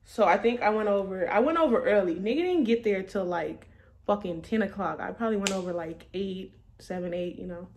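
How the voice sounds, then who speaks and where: A woman's voice: mid-range voice, fairly quick, darkish tone. Young woman swearing through a loose storytime. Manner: profane, loose and laughing. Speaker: vlogger. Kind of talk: casual storytime monologue.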